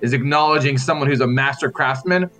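A man's voice: mid-range voice, fairly quick, a bit bright, faint music behind. A man playing in a tabletop role-playing game, rambling and searching for words as he explains a custom. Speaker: player. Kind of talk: tabletop role-play chat.

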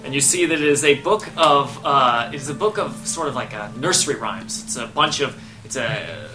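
A man's voice: mid-range voice, expressive, sharp tone, soft background music, poor audio. A man narrating a tabletop game as game master, with hesitant restarts and voiced characters. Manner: hesitant, many restarts, slows for in-character speech.

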